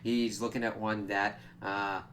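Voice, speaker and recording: A man talks through a TV episode in a casual, meandering review, his voice sitting low. He strings thoughts together with fillers and loose asides. A faint hum runs quietly underneath. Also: flat delivery, measured pace. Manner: rambling, loose, many "kind of" and "like" asides.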